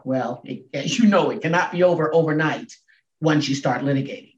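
A woman in her sixties, a comedian and speaker, telling her story as a podcast guest with emphatic swings in pitch and volume. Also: sing-song, normal speed. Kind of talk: emotional storytelling in a podcast interview. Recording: echoey, dull room sound.

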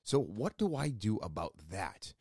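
A man's voice: lowish voice, sing-song, measured pace, a little mellow, breathy edge, dry recording. A man hosting his own podcast, speaking in a candid, self-critical solo monologue that rambles with restarts, close on a mic in a small room. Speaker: podcast host.

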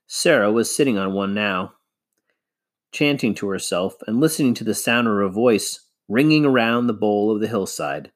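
Expressive man reading a children's book. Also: lowish voice. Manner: measured, expressive storytelling. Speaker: reader. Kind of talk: reading a children's novel aloud.

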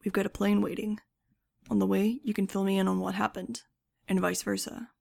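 A woman voicing a brisk male doctor who takes charge, in an audiobook. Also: mid-range voice, flat delivery, vocal fry, a little mellow.

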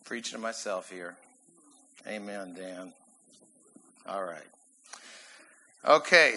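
A man preaching a sermon in an animated, emphatic way, often laughing as he goes. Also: on the low side, slow pace, pauses often, poor audio. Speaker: pastor.

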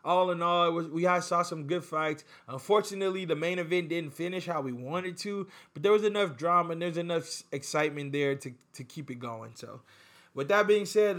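A man's voice: a little high, fairly bright tone. A man hosting a casual sports recap, talking in a rambling, chatty way with frequent fillers and restarts. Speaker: sports podcast host.

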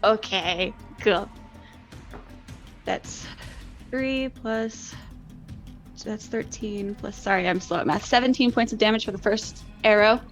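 A woman with a mid-pitched voice plays a tabletop game. She is cheerful and giggly, describes her character eagerly and works her sums out aloud. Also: a little slow, pauses often, faint music behind. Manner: cheerful, giggly, fumbles with numbers. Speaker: player.

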